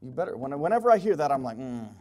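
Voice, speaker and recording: Male preacher, high-pitched, emphatic delivery with big swings in volume. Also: lively intonation, rapid-fire. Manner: emphatic, swinging from loud pleading to low quiet asides. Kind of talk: sermon.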